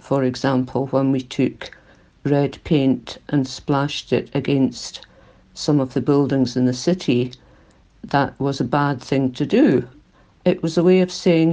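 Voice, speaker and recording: A woman's voice: very deep voice, steady tone, measured pace, warm tone. Earnest older Glaswegian woman. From Scotland. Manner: earnest, emotional, voice shaking at times. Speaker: climate activist. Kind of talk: recorded interview.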